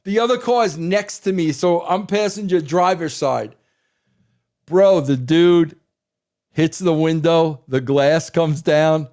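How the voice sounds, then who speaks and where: A man telling a story on a talk podcast, excitable and emphatic, always addressing the host as "bro". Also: a little high, slow pace. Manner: excitable, swears for emphasis, keeps saying "bro". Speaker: guest.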